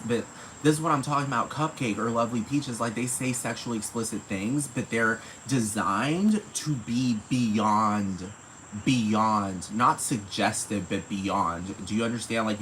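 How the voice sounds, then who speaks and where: A man's voice: lowish voice, fairly bright tone, a little hiss or hum, poor audio. A man hosting a solo podcast, rambling in casual, profane commentary and asking again and again whether the listener knows what he means. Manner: rambling, profane, repeats "you know what I'm talking about". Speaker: podcast host.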